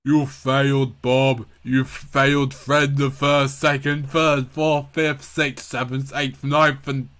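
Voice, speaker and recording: Man doing dream-world spirits, menacing, very slow, drawn out, loud. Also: mid-range voice, little pitch movement.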